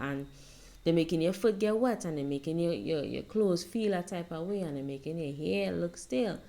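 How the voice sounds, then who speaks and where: Young woman vlogger, low gravelly voice, soft and rambling, home phone recording. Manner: soft-spoken, rambling, reflective. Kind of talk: casual self-help vlog monologue.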